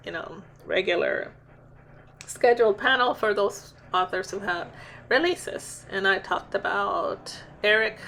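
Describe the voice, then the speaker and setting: Chatty gravelly-voiced woman. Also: medium pitch, pushed and bright, a little hiss or hum. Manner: chatty, laughs often, self-interrupting. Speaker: vlogger. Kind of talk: casual storytelling vlog.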